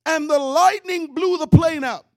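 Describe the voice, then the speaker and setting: A man telling a comic story in an animated way, with loud outbursts. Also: very high-pitched, a little slow, dry recording, clean studio sound. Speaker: comedian. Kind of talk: comedic storytelling.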